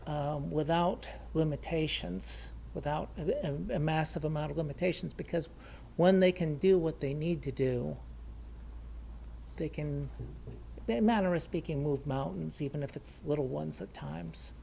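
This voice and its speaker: A man closing a halting public comment at a council meeting, with restarts. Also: fairly high pitch, creaky, warm tone, a little hiss or hum.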